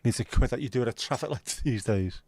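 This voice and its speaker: A man's voice: medium pitch, quick pace, warm tone, slightly rough, no room sound. A man hosting a livestream, chatting casually with his viewers in banter full of swearing. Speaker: livestream host. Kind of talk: casual chat with live viewers.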